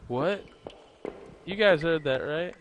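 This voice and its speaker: A man's voice: a little high, slow. A man playing a horror game and joking with viewers in casual commentary, recorded with background noise. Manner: jokey, talks to viewers while playing. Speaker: let's play gamer.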